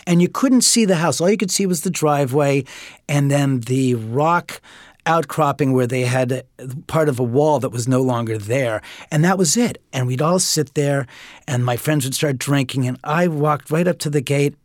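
A man's voice: medium pitch, moderate pace, no room sound, studio quality. Chatty storytelling man from Los Angeles. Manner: chatty storyteller who acts out quotes. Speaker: interview guest.

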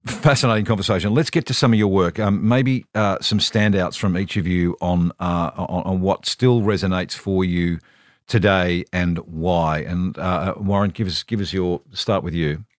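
A male host, friendly and quick with a quip, leads the talk with easy questions. His voice sits somewhat low. It is recorded dry, close to the mic. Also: steady tone, no echo. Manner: affable, prompting questions, quick quips. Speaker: interviewer host. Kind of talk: casual interview chat.

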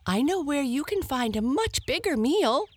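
Casting note: tiny quick-witted hare, squeaky and fast, lively swoops, put on by a woman narrator. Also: no room sound. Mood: eager. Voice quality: high squeaky voice. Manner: fast, excited, pleading. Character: small timid quick-witted female hare.

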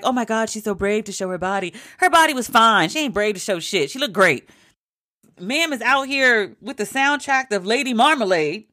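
A woman's voice: medium pitch, a bit bright. A woman recapping a TV show in casual, emphatic talk, with some swearing. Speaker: TV show reviewer.

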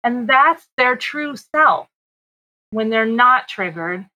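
A middle-aged woman speaks as a guest psychologist on a podcast, explaining her points earnestly and checking in with her listener often. Her voice sits a little high and sounds bright and tense. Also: animated, slow, lo-fi sound. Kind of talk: casual conversation.

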